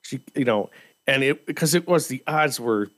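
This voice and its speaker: Lively storytelling man in mid pitch. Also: normal speed. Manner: lively anecdotal storyteller, laughs often. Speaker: podcast co-host. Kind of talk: casual chat.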